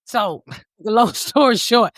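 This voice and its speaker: Brief: woman host, higher voice, dry close sound, profane, animated comic storyteller. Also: slow pace, dry recording. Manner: profane, animated, laughs while telling stories. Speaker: podcast host. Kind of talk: casual comedic storytelling.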